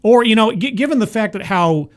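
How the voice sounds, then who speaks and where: Sarcastic live-stream commentator, exasperated and very animated in pitch. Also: a little fast. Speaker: streamer reacting to a video.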